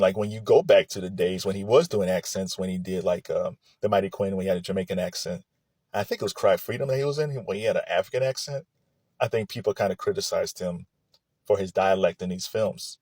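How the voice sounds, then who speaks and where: A man giving casual vlog commentary about movies, chatty and lively, with frequent restarts and laughs. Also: deep voice, breathy edge, no echo.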